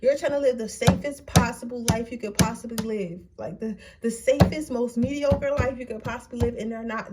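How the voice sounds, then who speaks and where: A woman's voice: fairly high pitch, fairly quick, few pauses, heavy background noise. A young woman giving a casual pick-a-card tarot reading, blunt, slangy and full of profanity. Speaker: tarot reader.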